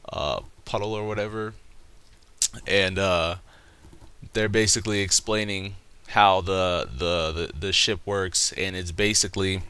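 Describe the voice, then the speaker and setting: A man's voice: low voice, bright, forceful tone, clean tone. A young man casually retelling a comic chapter for a review video, rambling and swearing as he talks. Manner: rambling, profane, laughing retelling. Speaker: manga reviewer.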